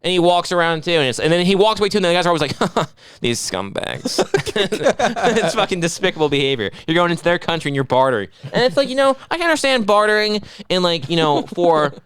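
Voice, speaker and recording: A man's voice: high voice, fast, clean tone, dry recording, clean studio sound. A man co-hosting a podcast, chatting casually and telling comic stories, acting out voices and swearing freely. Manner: animated storyteller who acts out haggling voices. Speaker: podcast co-host. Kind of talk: casual comedic chat.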